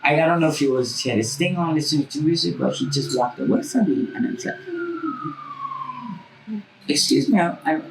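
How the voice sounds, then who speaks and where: Woman, gravelly voice, blunt, outspoken, swears, acts out voices, casual storytelling, faint background noise. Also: low voice, fast talker, few pauses, low-quality recording. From Hawaii. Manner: acts out voices in her stories. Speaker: interviewee.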